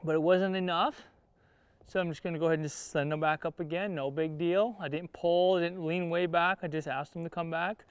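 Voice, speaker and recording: A man with a fairly high, smooth voice gives a riding lesson from the saddle, explaining each step in plain cowboy speech. He breaks off to coach his horse with short calls, and the sound is dry and close. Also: steady tone, brisk, no echo. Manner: talks while riding, coaching the horse and viewers; plain-spoken cowboy talk. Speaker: horse trainer. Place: outdoor riding arena.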